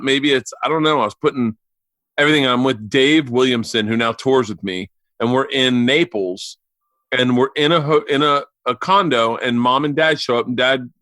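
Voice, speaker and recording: Bright-voiced man telling profane stories. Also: medium pitch, dry recording. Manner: animated, profane, acts out family members. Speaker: guest, comedian. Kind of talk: casual storytelling chat. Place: home, remote call.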